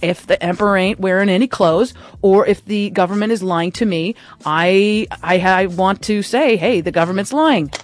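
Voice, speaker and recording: A woman hosting a live radio fund drive, making an enthusiastic, chatty pledge pitch on a studio microphone. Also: steady tone, normal speed, few pauses, no echo. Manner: enthusiastic, chatty, laughs often.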